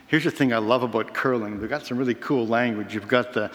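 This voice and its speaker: A man preaching a sermon in a measured, reflective way, with slow emphatic pauses. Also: mid-range voice, a bit bright. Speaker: pastor. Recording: reverberant hall.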